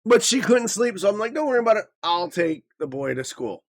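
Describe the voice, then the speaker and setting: A man's voice: high voice, very animated, brisk, vocal fry. A man in his thirties co-hosting a podcast, telling a story in a casual, profane way and acting out the people he quotes. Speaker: podcast co-host.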